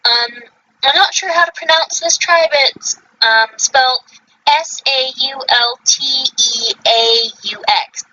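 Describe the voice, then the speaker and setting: A woman hosting a casual livestream podcast, with a bright voice that sits a little high. She reads from her notes and trips over unfamiliar names. The audio is slightly muffled, with a faint hiss underneath. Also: takes it slowly. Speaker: podcast host.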